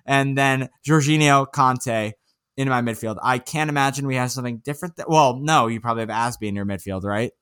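A man's voice: medium pitch, fairly quick, a bit bright, clear, resonant tone. A man co-hosting a casual sports podcast, who goes through his picks and ribs his co-host in a dry, teasing way.

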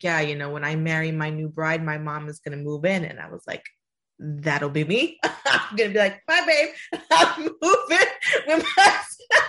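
A woman's voice: deep voice, fairly bright tone. Emotional laughing woman. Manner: emotional, laughs often, acts out quotes. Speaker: podcast co-host, mother of a baby son. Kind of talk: casual chat.

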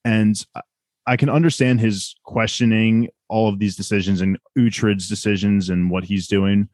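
A man's voice: lowish voice, steady tone, moderate pace, darkish tone, no room sound, studio quality. A man co-hosting a casual podcast, talking earnestly and reflectively about the show. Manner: earnest, reflective, builds a rant. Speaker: podcast co-host. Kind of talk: casual chat reviewing a TV series.

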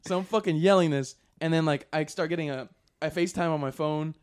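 Fast, profane young-sounding man telling a story. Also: on the high side, steady tone, a little mellow, clean tone. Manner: rambling, profane, lots of fillers. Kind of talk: casual podcast chat.

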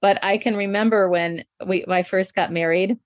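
A woman's voice: mid-range voice, fairly even intonation, normal speed, dry recording, muffled recording. A middle-aged woman coach speaking in an interview, thoughtful and reflective, often breaking into laughter. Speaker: guest, communication coach. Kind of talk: conversational interview.

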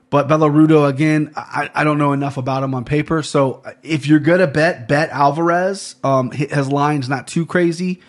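A man hosting a podcast, chatting casually and rambling through fight picks, swearing now and then and joking at his own expense. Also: on the high side. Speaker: podcast host. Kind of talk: casual sports betting chat.

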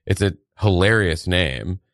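A man's voice: low voice, lively intonation, a little slow, dry recording, studio quality. A man who is a guest on a comedy podcast, talking in an earnest, chatty way full of "like"s. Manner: earnest, chatty, uses many "like"s. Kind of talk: casual comedic podcast chat.

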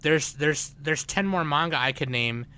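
A man co-hosting a podcast, ranting loudly and profanely, swinging between shouting and muttering. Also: fairly high pitch, moderate pace, clean tone. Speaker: podcast co-host. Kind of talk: casual chat.

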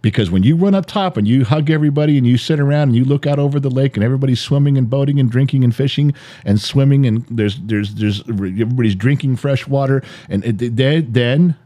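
A man's voice: medium pitch, fast, warm tone. A middle-aged man, a podcast co-host and father, talking through a heated personal monologue in an emphatic, repetitive way and swearing now and then. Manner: emphatic, repetitive, swears, builds an extended metaphor.

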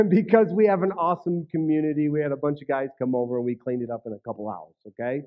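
A man with a notably high voice gives a casual, conversational sermon as a pastor. He keeps checking in with his listeners and repeats words as he gets going. The recording is slightly dull and lo-fi. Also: quick pace. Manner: conversational, frequent "right?" and "okay?" asides; repeats words when starting phrases.

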